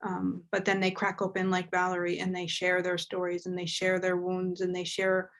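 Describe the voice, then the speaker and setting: A woman's voice: on the low side, completely flat delivery, normal speed. A woman hosting a live show and giving a medium reading, talking in an earnest, emotional way as she relays messages. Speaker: medium and host. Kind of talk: live spiritual reading chat.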